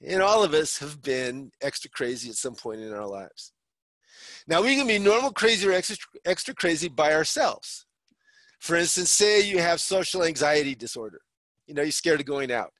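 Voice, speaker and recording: Guy teaching psych stuff, slightly high voice, dry close sound, keeps going "okay?". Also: a bit bright, dry recording. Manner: checks in with frequent "okay?"; acts out short example dialogues. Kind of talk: explanatory talk.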